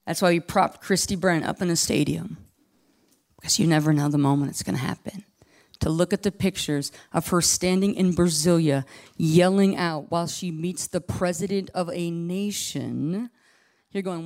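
A woman's voice: fairly low pitch, normal speed. Impassioned woman preaching casually. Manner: impassioned, swings between hushed and loud; casual, full of "like" and asides. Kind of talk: conversational sermon.

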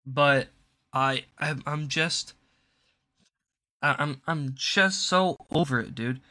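A young man hosting a political commentary show, ranting angrily and profanely with sudden loud outbursts. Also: a little high, takes it slowly. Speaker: host.

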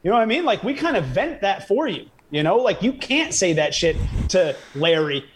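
A stand-up comic chats on a podcast in a high, husky voice. He is animated and laughs easily, moving between stories and bold claims. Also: normal speed. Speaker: stand-up comedian guest. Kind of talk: casual podcast chat.

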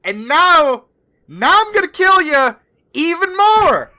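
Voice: very high-pitched, very animated, takes it slowly, voice pushed up, full character voice. A player voicing an exasperated male mage who rants sarcastically at his companion. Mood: furious. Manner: shouting sarcastic rant.

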